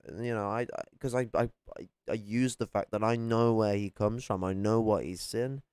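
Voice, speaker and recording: A man's voice: fairly low pitch, steady tone, normal speed, darkish tone, clear, resonant tone, dry recording. A man streaming casually, reacting to a clip, rambling with frequent restarts and swearing freely. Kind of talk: casual profane chat.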